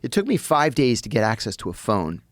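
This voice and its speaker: An American man, a guest on a podcast, telling his story in an animated way and acting out the people he quotes. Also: medium pitch, fairly quick, dry recording, studio quality. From United States.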